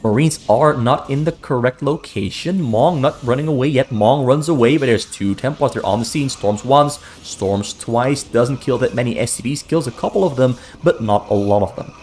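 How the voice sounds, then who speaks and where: A man giving solo play-by-play commentary on a strategy game match, brisk and running, often repeating key phrases for emphasis. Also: mid-range voice, a little mellow, a little hiss or hum. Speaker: esports caster.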